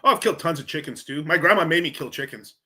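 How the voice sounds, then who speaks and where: A man's voice: on the high side, lively intonation, fast talker, bright, forceful tone. A young man from Mexico hosting a livestream, telling stories in a loose, profane, rambling way, full of fillers and restarts, while he answers questions from the chat. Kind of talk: casual rambling storytelling. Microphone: streaming microphone.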